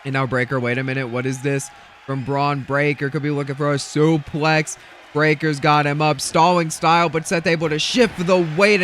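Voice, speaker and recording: A young man calling a wrestling match play-by-play, rapid and breathless, bursting into shouts at big moves. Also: on the high side, slight background noise. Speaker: play-by-play commentator. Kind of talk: excited wrestling play-by-play commentary.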